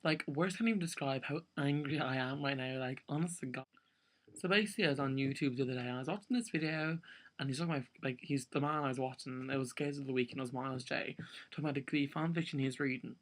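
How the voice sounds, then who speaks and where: A young vlogger rants to the camera in a casual vlog, talking fast in a medium-pitched voice. He sounds exasperated, filling every sentence with "like" and other fillers.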